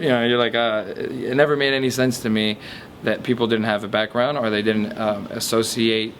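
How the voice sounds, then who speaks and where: A man's voice: mid-range voice, flat delivery, moderate pace, a bit bright, a little hiss or hum. A man in his twenties from a Portuguese family background, a comedian speaking candidly in a documentary interview, rambling with frequent restarts. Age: 20s.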